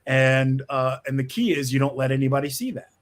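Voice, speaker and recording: A middle-aged screenwriter with a mid-range voice speaks a little fast as a guest in a conversational video-call interview from his office. He tells stories in an animated way, restarting sentences often and laughing frequently.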